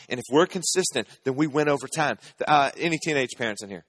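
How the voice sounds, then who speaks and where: A male pastor in his thirties preaches with a chatty, humorous storytelling manner, often putting questions to his listeners. His voice sits at a middle pitch and is recorded dry and close. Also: animated, fast, a bit bright, no echo. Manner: conversational storytelling, humorous, asks the audience. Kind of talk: sermon.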